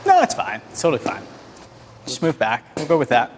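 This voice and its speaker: Male photography instructor, mid-pitch, casual and joking, live in a large reverberant hall with faint noise. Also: huge pitch swings, fairly quick. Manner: joking, chatty, directs assistants on set. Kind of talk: live photography workshop demo.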